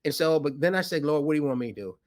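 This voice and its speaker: A man, a podcast guest who is a financier, telling a story with animated delivery and acting out voices in it. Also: racing. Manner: acts out dialogue with rising pitch, laughs often.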